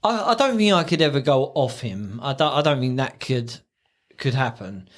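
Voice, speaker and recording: A man co-hosting a casual podcast chat, telling stories animatedly and acting out quotes in a high voice. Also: animated, moderate pace. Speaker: podcast co-host.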